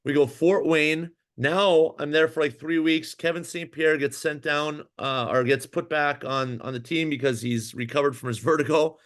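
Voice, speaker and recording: Rambling, animated former hockey goalie. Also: male voice, on the high side, moderate pace, few pauses. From Minnesota. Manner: animated, rambling storyteller with many fillers and restarts. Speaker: podcast guest, former pro goalie. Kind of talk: casual storytelling interview.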